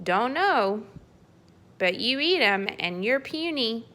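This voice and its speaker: A woman voicing a huge, grumpy male giant who grumbles and blusters loudly in a storybook read-aloud. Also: on the high side, big pitch swings, takes it slowly, heavily acted. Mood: grumbling. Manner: loud, grumbling complaints.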